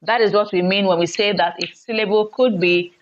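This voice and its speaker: A woman's voice: medium pitch, steady tone, a little fast. A woman teaching an English lesson who repeats key phrases and keeps checking with "okay?". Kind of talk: classroom lesson. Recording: dull lo-fi recording.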